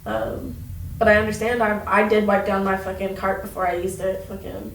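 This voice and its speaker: A woman's voice: mid-range voice, level tone, normal speed. A young woman in casual podcast chat, talking loosely with lots of swearing and "like.". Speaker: podcast guest. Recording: roomy echo, mic at a distance, faint noise.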